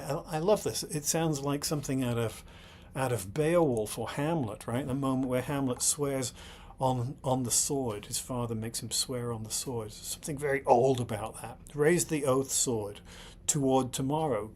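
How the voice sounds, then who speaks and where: A man's voice: medium pitch, a little mellow. Middle-aged male host breaking down lyrics, ordinary mid-range voice, faint background hiss, thinks aloud, keeps asking "right?". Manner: thoughtful, repeatedly checks in with "right?"; blunt and exasperated when scolding critics. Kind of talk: analytical commentary on song lyrics.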